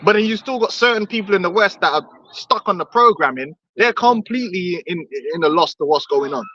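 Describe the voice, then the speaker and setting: A man's voice: high-pitched, lively intonation, brisk, pushed and bright, no room sound. A man in heated religious discussion, blunt and swearing, mimicking other voices. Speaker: podcast co-host. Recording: dull lo-fi dry recording.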